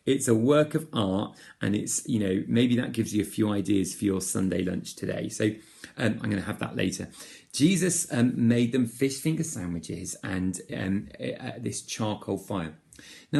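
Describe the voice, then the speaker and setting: A man from England giving a gentle all-age church talk, telling the story and asking his listeners questions. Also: lowish voice, gravelly.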